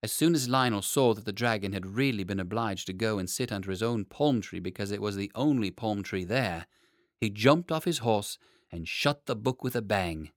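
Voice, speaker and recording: A man narrating a children's storybook in a measured, expressive reading. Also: on the low side, dry recording, studio quality.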